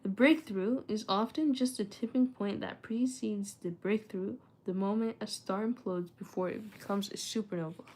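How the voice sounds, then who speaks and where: Reading a book aloud to her viewers, a young woman study vlogger stumbles and backtracks, her retainers making her speech slightly thick. Her medium-pitched voice is a little mellow, moving at normal speed with hardly any pauses, and she keeps up a chatty, self-talking manner.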